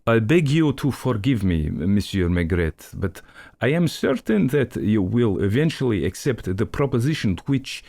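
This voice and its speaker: A man's voice: on the low side, big pitch swings, a little slow, gravelly, dark tone, no echo, pitched above the performer's own voice, heavily acted. A man voicing a sad, humble little Eastern European man who pleads in a mournful, condoling tone. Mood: mournful, pleading. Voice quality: sad, unvarying, like offering condolences.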